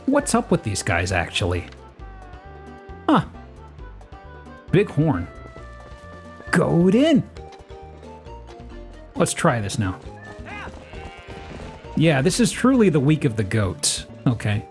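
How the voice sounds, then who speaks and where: A man streaming a game live, chatting casually and playfully, with loud, sudden, high-pitched exclamations. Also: wildly swooping pitch, slow pace, pauses often, faint music behind. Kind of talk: casual live gameplay chat.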